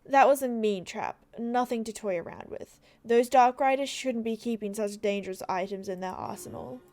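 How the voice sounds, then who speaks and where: A woman's voice: a little high, moderate pace, a little mellow, close to an everyday voice. A woman reading an earnest young heroine. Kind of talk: reading game dialogue aloud.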